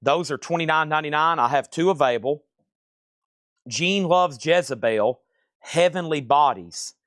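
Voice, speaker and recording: A man's voice: on the high side, a bit bright, dry recording, clean studio sound. Casual man reading record prices. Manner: brisk list-reading of items and prices, casual. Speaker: live sale host. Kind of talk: livestream sales pitch.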